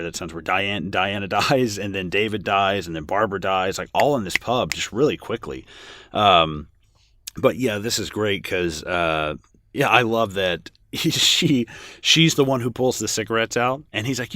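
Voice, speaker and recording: A man with a very low voice co-hosts a casual film podcast. He rambles, restarts his sentences and fills gaps with ums as he talks through scenes. The recording is dry and close. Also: sharp tone, dry recording. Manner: rambling with many restarts and fillers. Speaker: podcast co-host. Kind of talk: casual film commentary chat.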